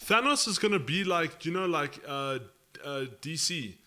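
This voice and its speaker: Guy, bright lively voice, kinda hesitant. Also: fairly high pitch, moderate pace. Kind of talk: casual chat.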